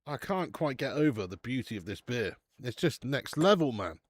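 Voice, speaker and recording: A man's voice: medium pitch, big pitch swings, normal speed, dry recording. A young British man hosting a live football watch-along, chatting casually, swearing and reading out viewer comments. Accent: British English. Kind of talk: casual live-stream chat.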